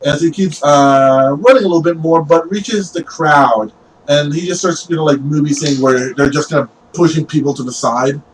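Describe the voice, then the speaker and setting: A man's voice: a little high, normal speed, distant mic, slight background noise, rough recording. Sex: man. Role: rambling game master. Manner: rambling, filler-heavy. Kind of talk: narrating a tabletop game.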